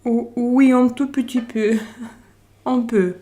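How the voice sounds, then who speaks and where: Woman hosting a live chat, unhurried and mellow, greets viewers one by one, mixes in Spanish and French. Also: a little high, steady tone. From Russia. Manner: greets viewers by name, switches between English, Spanish and French; unhurried, drawn-out phrasing. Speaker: live stream host. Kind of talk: casual live-stream chat reading viewer comments.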